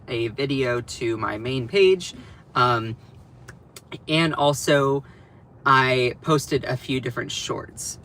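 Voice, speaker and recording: A young man hosts a casual livestream from home over breakfast, speaking in a bright, forceful mid-range voice. He's chatty and rambling, pokes fun at himself, and laughs and restarts often.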